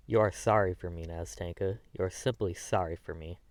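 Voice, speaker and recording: A man's voice: deep voice, fairly even intonation, fairly quick, hardly any pauses. A man narrating a classic novel as an audiobook, earnest and emotive with small stumbles.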